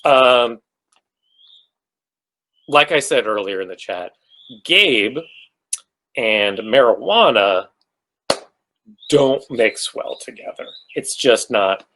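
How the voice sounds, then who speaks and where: A man's voice: medium pitch, lively intonation, takes it slowly, long pauses, sharp tone, slight background noise, poor audio. A man, an actor, answering fan questions on a virtual panel over a video call, rambling and joking at his own expense with many fillers. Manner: rambling, self-mocking, jokey, many fillers.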